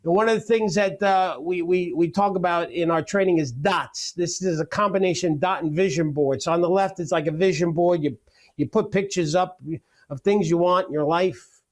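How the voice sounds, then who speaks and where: High-voiced energetic male real estate coach. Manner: energetic, joking, rapid-fire. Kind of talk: webinar teaching.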